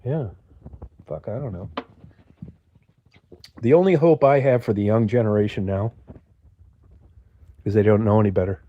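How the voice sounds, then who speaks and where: Older livestream host from the US, low mellow voice, gruff and profane, chatty monologue. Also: male voice, moderate pace, pauses often, dull audio. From United States. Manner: profane, gruff, talks to chat viewers. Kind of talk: casual rambling monologue.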